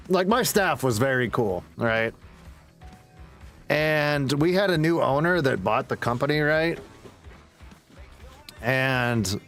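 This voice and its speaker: A man's voice: medium pitch, fairly bright tone. A young man telling blunt, profane stories with frequent laughter while gaming. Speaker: gaming streamer. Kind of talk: casual storytelling while gaming.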